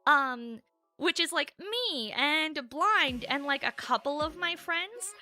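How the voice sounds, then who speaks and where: A woman's voice: sits high, expressive, takes it slowly, bright, forceful tone, no room sound, soft background music. A woman livestreamer chatting casually with viewers, rambling with lots of "like" fillers. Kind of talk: casual chat.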